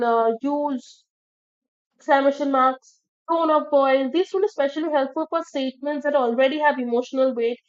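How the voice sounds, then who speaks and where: Woman teacher going thru english grammar rules, high voice, kinda muffled lo-fi audio. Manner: explains step by step, checks in with "okay". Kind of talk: grammar lesson.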